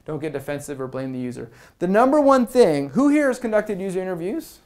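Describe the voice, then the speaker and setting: A man giving a presentation at a meetup. He talks to the audience in a conversational, energetic way and acts out quoted lines. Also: high voice, brisk. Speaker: product management speaker.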